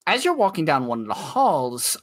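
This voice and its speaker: A man's voice: fairly high pitch, big pitch swings, moderate pace. A chatty game master walks his players through a campus tour, laughing as he goes. He catches his own slips and fixes them on the fly. The room is dry, with no echo. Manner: chatty, laughs often, self-correcting. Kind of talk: narrating a tabletop game.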